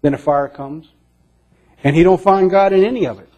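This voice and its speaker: Earnest male preacher, mellow and a touch high, emphatic then hushed; dull lo-fi sermon recording. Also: normal speed.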